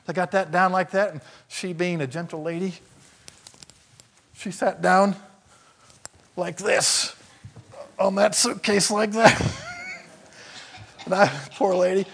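An older man from Arkansas preaching a sermon, telling folksy stories and acting out the scenes with animated delivery. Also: high-pitched, measured pace, vocal fry, pauses often, breathy edge. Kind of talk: sermon storytelling.

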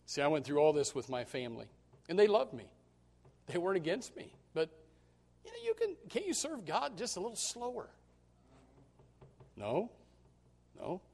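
A male pastor preaching with passion, swinging from low murmurs to near shouts. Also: wildly swooping pitch, moderate pace, vocal fry, pauses often. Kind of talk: sermon.

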